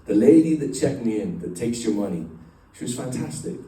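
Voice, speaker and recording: Rambling man with a mellow voice in a roomy hall. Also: mid-range voice, lively intonation, a little fast. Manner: rambling, self-deprecating, many fillers and restarts. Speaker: speaker addressing a company group. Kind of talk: emotional personal storytelling to an audience. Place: large room with a live group. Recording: echoey room, voice picked up from a distance.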